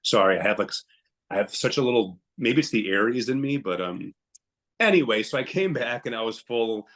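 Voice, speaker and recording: A man's voice: medium pitch, expressive, a little fast, a bit bright. A young adult man, a podcast guest, telling an emotional personal story in a blunt, emphatic way and often quoting himself.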